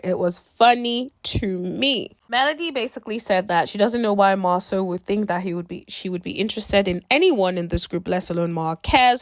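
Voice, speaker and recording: Sassy animated woman recapping reality TV. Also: mid-range voice, dry recording. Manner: sassy, animated, acts out quotes of the cast. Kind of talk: casual commentary.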